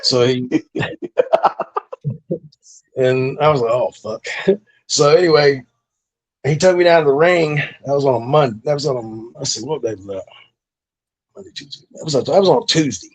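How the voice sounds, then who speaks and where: A man's voice: mid-range voice, moderate pace, long pauses. A middle-aged man, a former pro wrestler, telling stories from his career in a laid-back, profane way, with lots of fillers. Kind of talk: casual storytelling interview.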